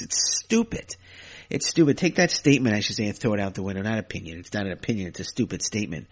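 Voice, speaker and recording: A man in a heated unscripted rant, his mid-range voice swinging between quiet muttering and loud outbursts. He repeats himself, stumbles over restarts and swears as he goes. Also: mid-range voice. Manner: agitated, repetitive, swearing, many restarts. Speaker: wrestling commentator.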